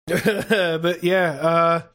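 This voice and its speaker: A young man chatting casually, rambling and halting with many fillers and frequent swearing. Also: fairly high pitch, steady tone, a bit bright. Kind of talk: casual chat.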